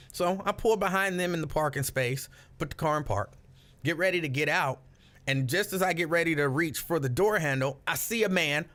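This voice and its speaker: A man hosting a live stream, chatting with viewers and telling a story in an animated, casual way. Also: high voice. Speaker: livestream host.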